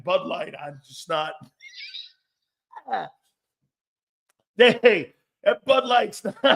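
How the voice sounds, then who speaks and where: High-voiced rowdy man hosting sports talk. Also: a bit bright. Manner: rowdy, joking, laughs often, rambling. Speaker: sports talk show host.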